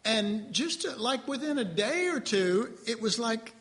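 A man teaching a Bible class in a conversational, animated sermon style, with asides to his listeners. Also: very high-pitched, a little slow.

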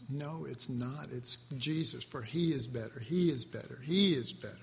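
A male preacher giving a sermon, slow and emotional, drawing out his words as he is moved to his core. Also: mid-range voice, slight background noise. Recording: reverberant hall, faint ambience.

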